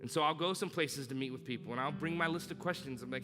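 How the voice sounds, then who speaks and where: A male pastor preaching a sermon, repeating key lines and rising to loud, emphatic urging. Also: a little high, fast talker, few pauses. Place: church hall. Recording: long church reverb with music behind.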